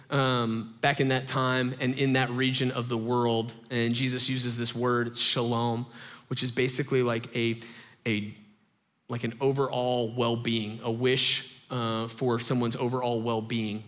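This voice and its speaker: Animated young dad preaching in a big hall. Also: male voice, mid-range voice, a little slow. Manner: animated, conversational storytelling with lots of fillers. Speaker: pastor. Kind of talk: sermon.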